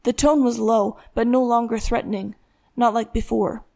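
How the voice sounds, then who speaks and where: Reading a tense thriller audiobook at a moderate pace, a woman keeps the story moving with steady, dramatic narration. Her voice is creaky and sits somewhat high for a woman.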